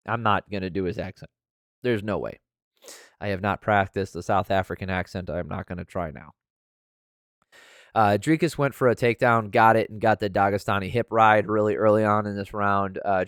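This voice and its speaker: A man's voice: fairly low pitch, smooth, no echo, clean studio sound. A young man hosting an MMA podcast, casually breaking down fights and flaring into profane rants. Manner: profane, flares up into loud rants.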